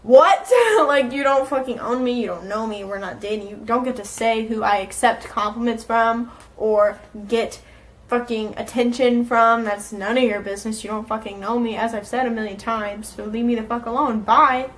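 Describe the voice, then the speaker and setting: A woman's voice: fairly high pitch, moderate pace. Exasperated, sweary woman telling a story. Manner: exasperated, profane, sarcastic storytelling. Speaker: vlogger. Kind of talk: casual storytime vlog.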